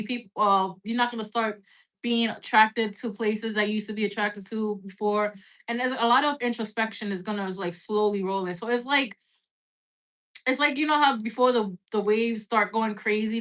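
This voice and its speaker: A woman's voice: medium pitch, fairly bright tone. A woman giving a casual live-stream tarot reading, blunt and chatty, swearing freely and filling her talk with "like". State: has the hiccups. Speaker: tarot reader.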